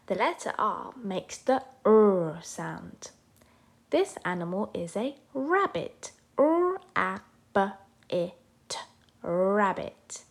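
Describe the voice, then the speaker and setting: With a mid-range voice, a woman teaches a phonics lesson for children. She sounds out letters and animal names slowly and clearly for young learners.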